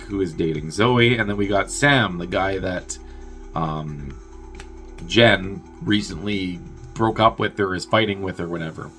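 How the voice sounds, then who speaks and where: A man's voice: low-pitched, sharp tone. A man hosting a movie review show, casually recapping a plot in a rambling, wry way and laughing at his own jokes. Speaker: movie review podcast host.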